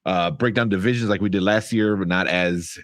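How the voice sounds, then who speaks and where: A man's voice: deep voice, a little fast, dry recording, studio quality. A man with a Chicago accent hosting a casual sports chat, rambling along with lots of fillers and the odd curse. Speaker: podcast host.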